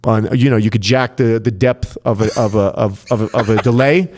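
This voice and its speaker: A man's voice: medium pitch, a little fast. Profane man telling club stories. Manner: profane, animated anecdotes with quoted dialogue. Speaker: nightclub DJ and podcast guest. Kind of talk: casual podcast storytelling.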